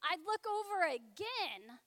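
Bright, chatty woman telling a story. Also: very high voice, slow, no echo. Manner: lively and chatty, frequent filler "like". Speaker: speaker at a Catholic youth event. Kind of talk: faith talk with personal storytelling.

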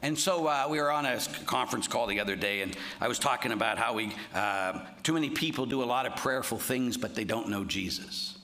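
A male Catholic priest giving a sermon in an animated, folksy way, full of rhetorical questions. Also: mid-range voice, brisk, few pauses.

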